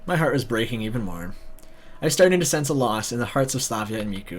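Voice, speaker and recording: A man's voice: lowish voice, fairly quick. A man reading a visual novel story aloud, breaking in with sarcastic comments. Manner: sarcastic asides, animated. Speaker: video narrator.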